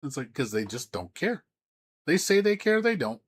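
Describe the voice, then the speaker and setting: Husky-voiced man ranting on stream. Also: fairly high pitch, sing-song, normal speed. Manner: profane, heated, stammering restarts. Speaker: game streamer. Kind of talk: live-stream rant.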